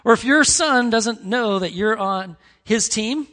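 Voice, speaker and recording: A man delivers a sermon in an earnest, conversational way, often restarting his phrases. His voice sits high for a man. It rings with the long reverb of a church sanctuary. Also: unhurried, sharp tone. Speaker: pastor.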